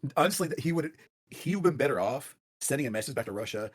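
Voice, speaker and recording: A man co-hosting a podcast in casual chat, reacting with laughs and quick comments. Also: medium pitch, lively intonation, husky, dry recording, clean studio sound. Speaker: podcast co-host.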